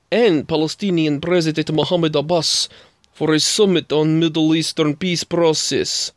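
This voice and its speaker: A man's voice: on the high side, no room sound, natural voice. A man putting on a Russian-accented official. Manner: halting, stumbles over words.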